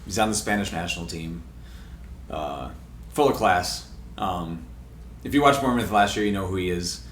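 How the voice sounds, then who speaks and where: A man's voice: low voice, moderate pace, a bit bright. A man co-hosting a podcast, casually and enthusiastically running through a list of soccer transfers and laughing often. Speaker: podcast co-host. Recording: echoey room with faint noise.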